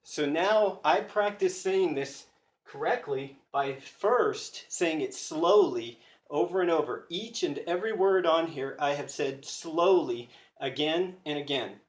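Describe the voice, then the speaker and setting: A man's voice: on the high side, a little slow, roomy sound. An American man explaining his language study methods in a casual, earnest way, thinking aloud and correcting himself as he goes, recorded on a phone. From United States. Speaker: language learner sharing study tips. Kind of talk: casual explanatory video talk.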